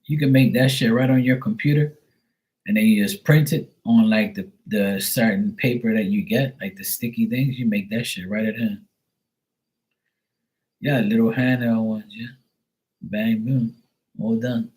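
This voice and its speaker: A man talking casually to his livestream viewers, blunt and quick to swear. His voice sits low and sounds husky. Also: steady tone, a little mellow, rough recording. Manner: profane, blunt, chatty. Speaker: live tarot reader streamer.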